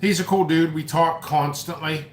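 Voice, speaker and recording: A man's voice: a little high, steady tone, moderate pace, echoey room, slight background noise. A man hosting a live stream, chatting loosely as he reads comments and tells a story, often mocking and restarting his sentences. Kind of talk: rambling live stream chat, reading comments. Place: at home, eating noodles.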